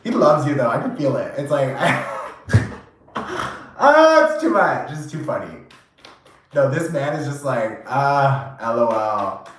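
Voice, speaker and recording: Chatty, animated tarot-reading man. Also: a little high, slow pace, pauses often, very echoey, a little hiss or hum. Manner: chatty, animated, full of fillers and swearing. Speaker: tarot reader. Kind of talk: casual pick-a-pile tarot reading.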